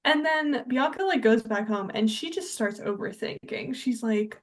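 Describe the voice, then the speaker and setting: An animated young woman with a fairly high voice talks at an ordinary speed. Co-hosting a podcast, she tells a film's story conversationally, full of "like" and acting out what people said.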